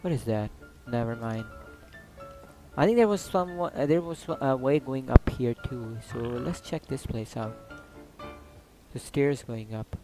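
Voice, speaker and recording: Excitable man narrating his gameplay. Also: medium pitch, a little slow, pauses often, soft background music, low-quality recording. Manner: excitable, loud outbursts, swears and jokes. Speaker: gaming YouTuber. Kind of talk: casual gameplay commentary.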